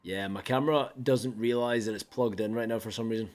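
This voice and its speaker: A man's voice: lowish voice, fairly even intonation, brisk, darkish tone, soft background music. A young man chatting casually with viewers while streaming a game, playfully mopey and theatrical. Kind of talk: casual live-stream chat.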